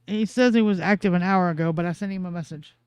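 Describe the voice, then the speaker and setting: A man's voice: sits high, fast, clean tone. A man chiming in beside a livestream host in casual chat, playfully echoing the host's words.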